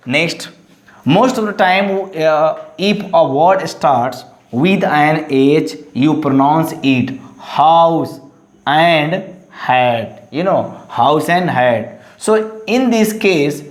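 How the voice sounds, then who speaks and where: A man teaching a lesson, halting and full of fillers and restarts. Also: fairly high pitch. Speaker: English teacher. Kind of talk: classroom-style lesson. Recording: echoey room.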